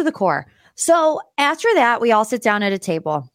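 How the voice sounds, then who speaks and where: A young woman hosting a podcast, telling a story in a casual way and acting out quotes in high, excited voices. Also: normal speed, dry recording, studio quality. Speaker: podcast host.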